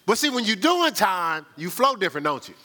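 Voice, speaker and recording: A man's voice: high-pitched, sing-song, a little fast, pushed and bright. A male pastor preaching a sermon in a colloquial, conversational way, often asking the crowd "right?". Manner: call-and-response, asks "right?".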